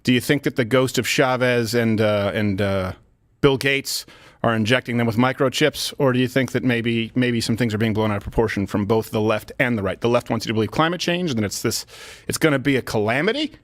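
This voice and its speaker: A man's voice: mid-range voice, no room sound, clean studio sound. Jokey male talk show host. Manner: loose, jokey, fast with many fillers. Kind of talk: comedic political talk show banter. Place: studio. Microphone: studio headphones and mic.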